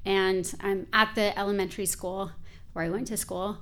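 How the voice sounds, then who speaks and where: A woman's voice: mid-range voice, flat delivery, moderate pace, fairly bright tone. A woman in her forties telling a personal story in a candid, conversational way, with frequent filler words.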